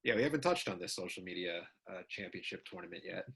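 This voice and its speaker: A man hosting, reading out fan questions in a relaxed way with many fillers. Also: low-pitched, fast, gravelly, husky. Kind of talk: casual interview hosting.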